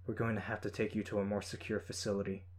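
A man's voice: on the low side, little pitch movement, quick pace, darkish tone, husky. A man reading a firm woman team leader. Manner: firm, tight.

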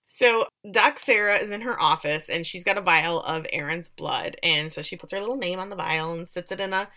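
A woman co-hosts a casual podcast, recapping a show with lots of laughter and swearing. Her voice is bright and sunny. She acts out quotes with big jumps in pitch. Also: a little fast. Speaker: podcast co-host.

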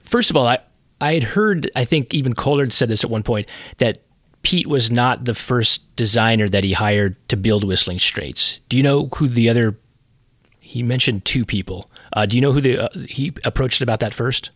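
A man hosting an interview, asking relaxed, conversational questions. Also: mid-range voice, moderate pace, dry recording, clean studio sound. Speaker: interviewer host.

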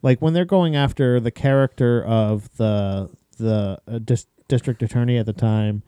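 A man's voice: mid-range voice, normal speed, mellow, smooth, no room sound, clean studio sound. A man co-hosting a podcast in casual chat, rambling with frequent restarts and casual swearing. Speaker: podcast co-host.

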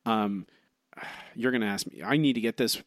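A man's voice: lowish voice, moderate pace, a bit bright, no echo, studio quality. A man co-hosting a podcast in casual trivia chat, teasing his partner and rambling through answers with many fillers. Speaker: podcast co-host.

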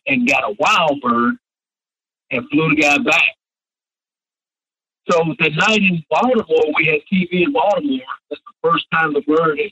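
A man in his sixties rambles through a story in an interview. His voice is fairly high and husky, and the sound is dull and lo-fi, like radio. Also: pushed and bright. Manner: rambling, repeats "and stuff like that". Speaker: retired pro wrestler, interview guest. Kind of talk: anecdotal storytelling.

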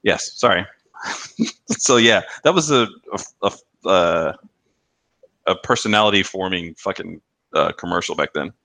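Male podcast co-host, bright lowish voice, animated storyteller, dry close mic. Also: a little slow, long pauses, no echo. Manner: animated storytelling, acts out quoted commercials in raised voices. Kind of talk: casual chat.

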